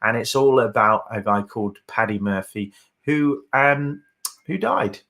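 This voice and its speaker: A man's voice: on the low side, unhurried, fairly bright tone. A man co-hosting a folk music livestream, chatting casually with fillers and rambling asides. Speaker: livestream co-host and singer.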